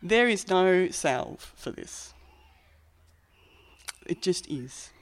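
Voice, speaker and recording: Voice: medium pitch, lively intonation, drawn-out words. Reflective, conversational preacher. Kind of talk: sermon.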